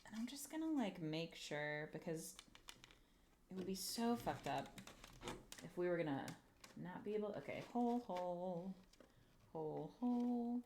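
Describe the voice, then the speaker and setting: A nervous woman streamer chats casually while building a craft piece, swearing a lot and talking to herself and the objects. Her voice is on the low side, sing-song and darkish, at a moderate pace with frequent pauses, and there's a little hiss or hum.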